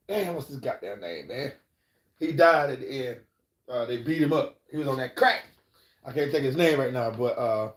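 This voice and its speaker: A man live-streaming, telling stories in a rambling, profane way and checking in with listeners, in an echoey room. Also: medium pitch. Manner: rambling, profane, keeps asking "you know what I'm saying". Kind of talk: casual storytelling.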